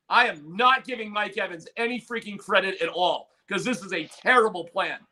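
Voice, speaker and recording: A man's voice: high-pitched, bright, forceful tone. A male sports radio host arguing his opinions emphatically, repeating points for emphasis. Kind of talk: sports talk radio debate.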